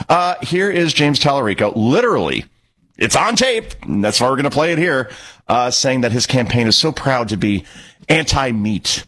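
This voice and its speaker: Guy hosting talk radio, husky voice, sarcastic, pitch jumping all over. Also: very animated, moderate pace, a bit bright. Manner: sarcastic, emphatic, swoops pitch for mockery. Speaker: radio talk show host. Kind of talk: opinionated talk radio monologue.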